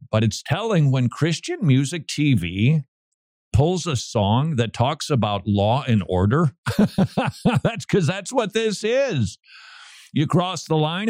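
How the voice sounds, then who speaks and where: A man hosting a Christian talk radio show, teasing his co-host and then giving commentary in a quick, playful way. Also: mid-range voice, a little mellow, dry recording, clean studio sound.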